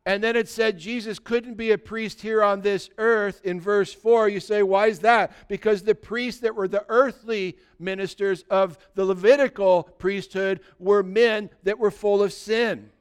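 High-pitched preaching man. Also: fairly even intonation, measured pace, hardly any pauses, clean tone. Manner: earnest, exhorting preacher addressing the congregation directly. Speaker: pastor. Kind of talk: sermon.

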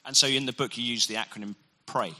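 A male interviewer moves a stage conversation along with brisk, prompting questions. His voice is bright and crisp. It sits in the middle range for a man. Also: medium pitch, fairly even intonation.

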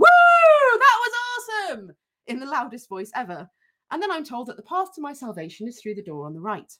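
Lively woman reading aloud. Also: a little high. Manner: expressive, laughs often, swears casually. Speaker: podcast co-host. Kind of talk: reading a listener's story aloud, then casual chat.

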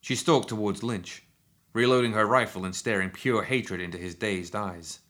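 A man narrating a written action story in a steady, measured storytelling manner. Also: lowish voice. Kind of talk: scripted audiobook narration.

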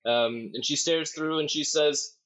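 A man narrating as game master, halting with many ums and uhs. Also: a little high, a bit bright. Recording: dull lo-fi audio.

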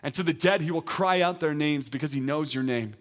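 Here a male teaching pastor preaches with a slightly high voice at a slightly quick pace. His sermon is conversational and emphatic, climbing toward loud proclamations.

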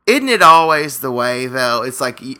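A man's voice: medium pitch, big pitch swings, normal speed, sharp tone. A man co-hosting a comedy podcast, rambling and joking as he tells stories. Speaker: podcast co-host. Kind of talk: casual comedic banter.

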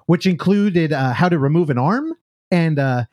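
A man's voice: a little high, lively intonation, moderate pace, darkish tone, lo-fi sound. A man co-hosting a podcast, recapping a show in a casual, profane way and acting out the characters' lines. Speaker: podcast co-host.

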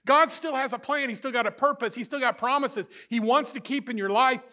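Male pastor, middle-aged, sermon delivery; emphatic, builds with repetition, high and ringing tone. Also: a little fast, pushed and bright. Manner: emphatic, building repeated phrases.

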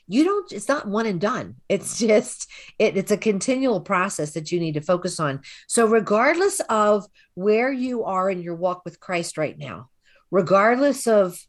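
A woman's voice: mid-range voice, lively intonation, a little slow. A woman co-hosting a Bible study, speaking reflectively and explaining ideas through everyday comparisons. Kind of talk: conversational Bible study discussion.

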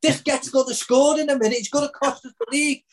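A man's voice: very high voice, fairly even intonation, quick pace, voice pushed up. A man with a Liverpool accent voicing his middle-aged father, anxious and agitated, repeating himself at a match. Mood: furious. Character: nervous furious middle-aged dad at a match.

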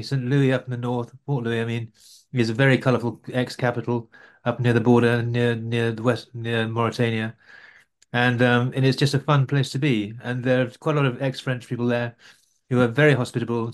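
A man answering interview questions about his overland travels, rambling with frequent restarts. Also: medium pitch.

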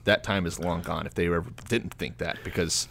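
A man's voice: low-pitched, fairly even intonation, brisk, vocal fry, a bit bright. A man hosting a podcast, making sardonic, dry jokes while retelling a story. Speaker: podcast host. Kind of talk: comedic retelling, casual chat.

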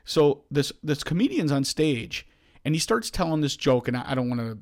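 Man, podcast host, animated storytelling, restarts. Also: on the high side, moderate pace. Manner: animated, acts out quoted voices, frequent restarts. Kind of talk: casual storytelling chat.

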